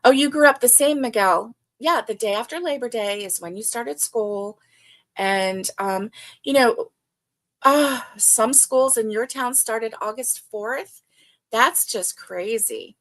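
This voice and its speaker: With a voice on the high side and an unhurried pace, an older woman hosts a casual livestream. She warmly reads out viewer comments and chats along, using many fillers.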